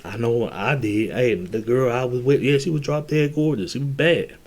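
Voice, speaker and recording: A man's voice: medium pitch, normal speed, a little mellow. Blunt, slangy man ranting casually. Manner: blunt, heavy slang and cursing, repeats himself. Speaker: vlogger giving dating advice. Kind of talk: casual monologue to camera.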